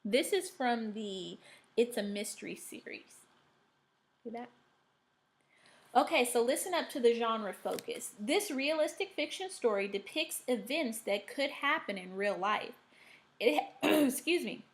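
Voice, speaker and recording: A woman's voice: fairly high pitch, lively intonation, unhurried. A woman teaching a recorded reading lesson to students. She is upbeat and checks in with "okay" after most steps.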